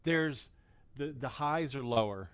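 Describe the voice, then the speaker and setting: A man in his fifties talks as a musician guest, rambling and self-deprecating, often restarting his sentences. His voice sits at an ordinary middle pitch. The recording is close and dry with no room sound. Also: animated, measured pace, smooth, no room sound. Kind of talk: casual chat.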